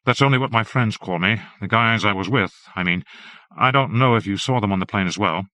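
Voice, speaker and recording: A man reading aloud and voicing a shy, awkward young man abroad who talks in a halting, nervous way. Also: fairly low pitch, pushed and bright.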